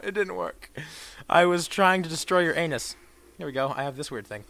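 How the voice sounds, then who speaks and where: A young man giving crude, profane commentary over a shooter game, swinging between mumbled asides and shouted bursts. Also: a little high, fairly quick, vocal fry, no room sound. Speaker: gameplay commentator. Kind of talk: let's play commentary.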